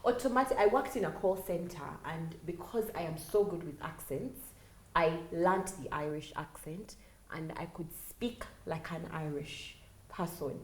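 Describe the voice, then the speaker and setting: A woman's voice: on the low side, unhurried. A Ugandan woman co-hosting a podcast, chatting casually and telling candid stories in which she mimics other people. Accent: Ugandan English. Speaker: podcast co-host. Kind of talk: casual chat. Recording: roomy echo.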